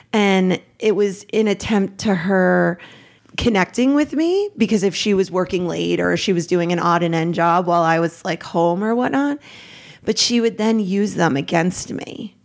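Halting, emotional woman podcast guest. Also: on the low side, gravelly. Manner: halting, emotional, self-deprecating, laughs through hard moments. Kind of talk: candid personal interview.

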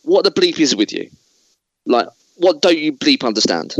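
A man's voice: a little high, sing-song, normal speed, no room sound, dull audio, voice pushed up. A man playing an enraged male film star who rants at a crew member and says "bleep" in place of swear words. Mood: furious. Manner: ranting, swearing with bleeps said aloud.

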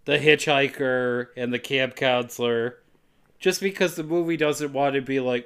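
A man's voice: mid-range voice, steady tone, moderate pace, fairly bright tone, clean tone. A man co-hosting a casual comedy podcast, narrating a film's plot with jokey asides. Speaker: podcast co-host recapping a film.

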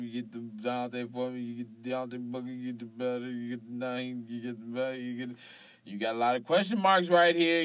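Guy doing a solo fantasy football podcast, hyped then mumbly, laughs a lot, dry close sound. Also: dry recording. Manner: animated, laughing, repeats words, swings from loud hype to low mutters. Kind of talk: casual solo podcast talk.

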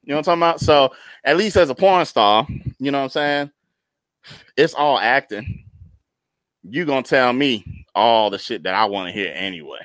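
A young man and podcast co-host telling an animated comedic story in casual chat, laughing often and constantly checking in with his listeners. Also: mid-range voice, moderate pace, pauses often, dry recording. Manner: animated storytelling with constant laughs and "you know what I'm talking about".

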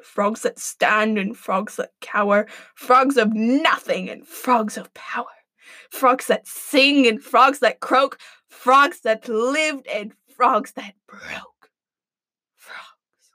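An eerie recorded voice that chants slowly and low, sinking into a hushed whisper, as a woman puts it on. Ominous and measured, dry and close. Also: no echo, exaggerated voice.

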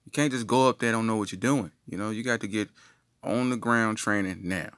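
A man's voice: fairly low pitch, fairly quick, fairly bright tone, clean tone, dry recording, clean studio sound. A man hosting a comedy podcast, rambling through playful made-up stories. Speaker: podcast host.

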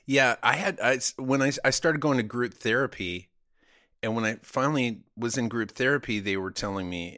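A man telling a story casually as a podcast guest, animated and profane, laughing often. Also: mid-range voice, brisk.

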